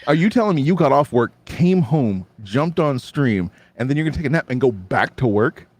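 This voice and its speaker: A young man guest on a livestream, talking in a relaxed, joking way with sudden energetic bursts. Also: mid-range voice, fairly quick, no room sound. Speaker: guest streamer. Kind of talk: casual livestream chat.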